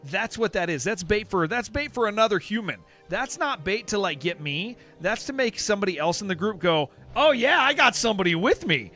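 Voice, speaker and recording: A game streamer with a fairly high voice talks in a loose, rambling way, circling back over his points with emphasis. He answers his viewers' chat messages as they come in. Faint music plays underneath. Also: animated, fairly quick, hardly any pauses, sharp tone.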